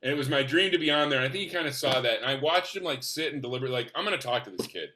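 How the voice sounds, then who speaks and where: A man from the US Northwest telling stories in a casual podcast chat, enthusiastic and animated, acting out what people said. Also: mid-range voice, very fast. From Spokane, US. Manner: enthusiastic, animated, acts out quotes. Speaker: actor guest.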